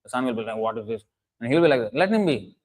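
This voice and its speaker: A man's voice: mid-range voice, expressive, rapid-fire, low-quality recording. Earnest man preaching. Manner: emphatic, earnest, with frequent restarts and chanted Sanskrit verses. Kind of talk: sermon lecture.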